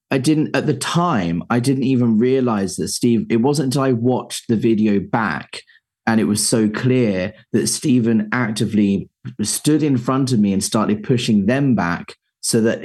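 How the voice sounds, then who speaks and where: A man's voice: medium pitch, a little slow, a little mellow. A man talking earnestly and with emotion in an interview, rambling a little as he explains what happened.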